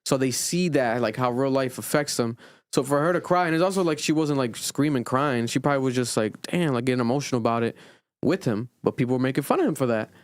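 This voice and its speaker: A man's voice: fast talker, no echo, studio quality. Man musing aloud on a podcast. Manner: thinks aloud with restarts, pitch rises when making a point. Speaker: podcast co-host. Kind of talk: casual podcast debate.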